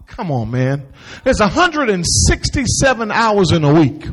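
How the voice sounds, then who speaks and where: A man preaching a sermon, animated and folksy, with quick asides to the congregation and acted-out quotes. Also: high-pitched, husky. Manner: acts out voices of the people he quotes. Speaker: pastor.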